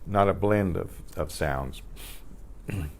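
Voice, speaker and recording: Male teacher, slow, lowish voice, patient drilling of vocabulary for beginners. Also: a little hiss or hum. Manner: slow, repeats each word many times; clears throat often. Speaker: Spanish teacher. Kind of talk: beginner language lesson.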